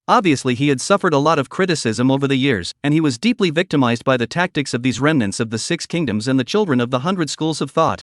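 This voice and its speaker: A man reading a scripted story recap as narrator, rapid and even. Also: on the high side, no echo, studio quality.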